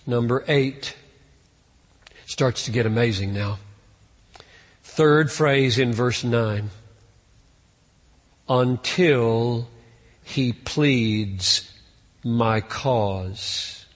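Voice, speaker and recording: A man preaching a sermon in an earnest way, rising in pitch and force on key points. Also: drawn-out words, long pauses, long reverb tail. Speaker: pastor.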